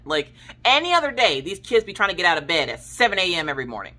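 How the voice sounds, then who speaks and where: A lowish-voiced, fast-talking woman in her thirties hosts a craft channel, with a little hiss or hum in the audio. She tells family stories in casual, slangy, animated chat, voicing her family members' lines.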